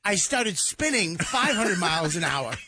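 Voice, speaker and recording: A middle-aged man telling a comic story on a talk show, animated and exaggerating, acting out the people in it. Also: high voice, a little slow, a little hiss or hum. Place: radio studio. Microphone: studio microphone.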